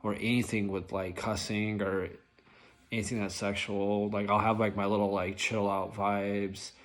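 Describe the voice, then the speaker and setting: A young adult man with a slightly low-pitched voice tells stories casually in a vlog. He rambles, restarts his sentences and leans constantly on "like" and "um". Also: level tone, moderate pace. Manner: rambling, filler-heavy, lots of "like". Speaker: rideshare driver telling stories.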